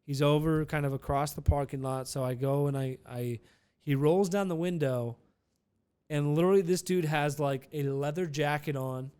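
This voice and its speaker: A young man with a smooth, clean voice pitched a little high, hosting his own show. He tells a story in a loose, rambling way, restarting sentences and swearing casually. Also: moderate pace, dark tone. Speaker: podcast host.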